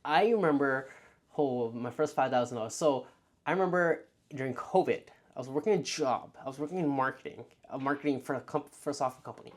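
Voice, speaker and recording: A young man talking casually to camera as a vlog host, telling animated stories and acting out his past thoughts, with lots of "like.". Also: medium pitch, brisk. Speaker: freelance marketer and video host.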